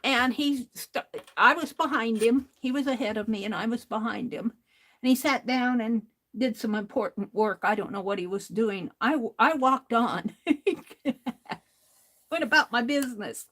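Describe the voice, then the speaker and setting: While working through a crafting livestream, a woman talks casually to her viewers and laughs a lot. She sounds a bit bright, pitched on the high side, at a moderate pace.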